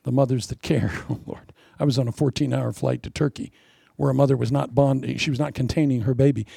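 Gravelly-voiced male preacher, animated. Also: medium pitch, a little fast, no room sound, clean studio sound. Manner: animated, preacherly, playful asides with laughter. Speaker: pastor. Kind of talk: sermon.

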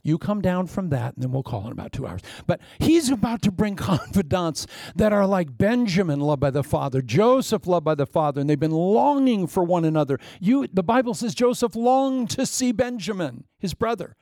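A man preaching a sermon, telling a story with lively asides, acted-out lines and sound effects. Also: high voice, moderate pace, vocal fry, few pauses, no room sound.

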